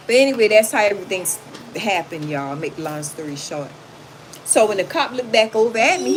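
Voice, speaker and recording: A woman hosting a casual livestream, telling stories straight to her viewers in a loud, animated voice that swings widely in pitch. She talks in a chatty, familiar way. A steady hiss of background noise sits under her webcam audio. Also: fairly quick. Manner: animated, loud, talks straight to the audience and calls them y'all. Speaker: livestream host reading chat comments. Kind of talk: casual storytelling to a livestream audience. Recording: noisy home livestream.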